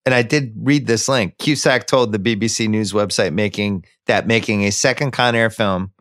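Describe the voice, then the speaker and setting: A man hosting a podcast, telling a story and trading quick, jokey asides in casual movie chat. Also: on the low side, fairly bright tone, no room sound, clean studio sound. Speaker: podcast host.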